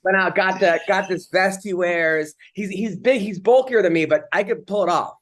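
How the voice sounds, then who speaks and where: A man's voice: high-pitched, moderate pace. A man telling stories on a comedy podcast, casual chat, rambling with lots of fillers and restarts.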